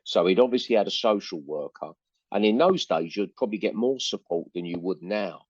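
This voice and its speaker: An older man with an East London accent tells stories in a low, unhurried voice. He rambles and restarts, piling on "you know"s. The sound is dry and a little muffled. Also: expressive, darkish tone, slightly rough, no room sound. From England. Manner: rambling anecdotes with frequent fillers and restarts. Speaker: interview guest, musician. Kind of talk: casual storytelling interview.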